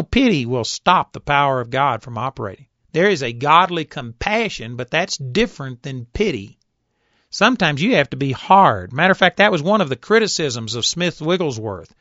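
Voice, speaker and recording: A man preaching a sermon, telling a story and rising to forceful shouts when he quotes someone. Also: on the high side, no echo, lo-fi sound. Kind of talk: sermon teaching.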